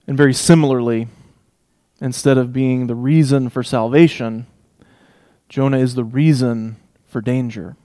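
A man preaching an expository sermon, emphatic, swinging between loud declarations and hushed asides. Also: medium pitch, fairly even intonation, measured pace.

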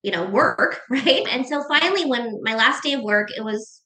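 A woman's voice: a little high, lively intonation, normal speed, pushed and bright. A middle-aged woman telling a personal story as a podcast guest, earnest and emotional, often restarting her sentences. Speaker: guest author. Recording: echoey room.

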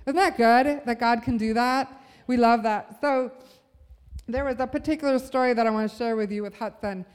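A woman's voice: fairly high pitch, normal speed, smooth, in a large hall. A woman giving a sermon at a church service, telling a personal story and building to a fervent call to the room. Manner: earnest, storytelling, rising to fervent.

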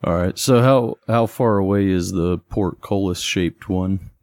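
A man's voice: low voice, measured pace, darkish tone, no echo, studio quality. A man speaking as a player in a tabletop game, matter-of-fact about his moves. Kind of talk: casual tabletop play.

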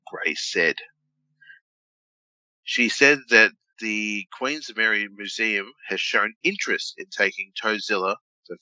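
A man's voice: lowish voice, pushed and bright, no room sound, highs cut off. An Australian man co-hosting a podcast, chatting casually and reading a news story aloud, loose and profane, with lots of restarts. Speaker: podcast co-host.

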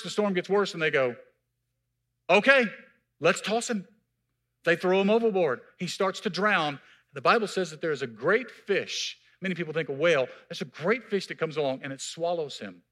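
A man preaching a sermon with a bright, forceful voice that sits a little high. He teaches and retells the story in his own voice, now and then calling out to the congregation. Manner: preaching with call-outs to the congregation. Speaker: pastor.

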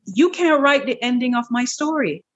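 A middle-aged woman guest in an interview, telling a personal story in a lively, animated way, repeating words as she goes. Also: moderate pace, lo-fi sound, slight background noise. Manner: animated, breaks into high quoted voices, repeats words. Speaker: interview guest, wellness clinic owner.

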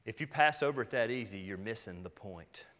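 A man's voice: fairly low pitch, lively intonation, fairly quick, fairly bright tone. A middle-aged man, preaching a sermon in an earnest, folksy, emphatic way. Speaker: pastor. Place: church sanctuary. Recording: long hall reverb.

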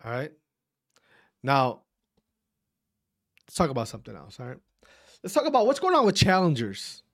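A young man giving a profane, heated esports rant, repeating himself and dropping to quiet asides. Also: a little high, huge pitch swings, normal speed. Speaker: esports commentator. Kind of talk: ranting casual commentary.

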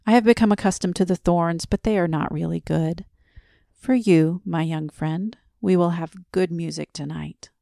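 A woman voicing a gentle, careful old man, speaking in a quiet, measured way. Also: on the low side, fairly even intonation, vocal fry, no room sound, clean studio sound.

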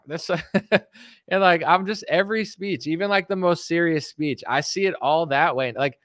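Streamer host, male, animated riffing commentator, smooth clear voice, dry recording. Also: fairly high pitch, normal speed, no echo. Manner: animated, lots of "like" and restarts, slips into mock voices.

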